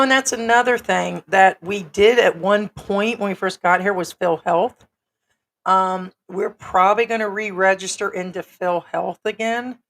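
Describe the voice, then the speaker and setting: A middle-aged woman from the United States, hoarse and raspy from being sick, hosting a casual livestream chat in a frank, rambling way. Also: medium pitch, fairly bright tone. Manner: rambling, frank, with many ums. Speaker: livestream host.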